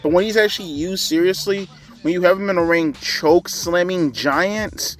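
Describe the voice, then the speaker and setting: A man's voice: high voice, moderate pace, soft background music. A man ranting through a casual, profane, sarcastic wrestling show review.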